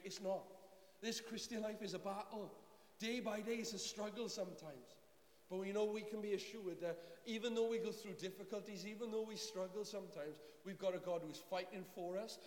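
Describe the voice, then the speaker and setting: Earnest preacher in an echoey hall. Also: male voice, high voice. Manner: earnest, pleading, repeats phrases for emphasis. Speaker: pastor. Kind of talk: sermon. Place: church hall. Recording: echoey hall with faint hiss.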